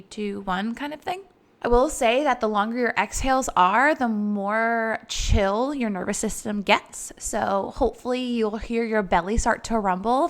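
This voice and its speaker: A woman yoga teacher giving a casual, chatty lesson on calming breathing and laughing now and then. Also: a little high. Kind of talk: casual instructional talk.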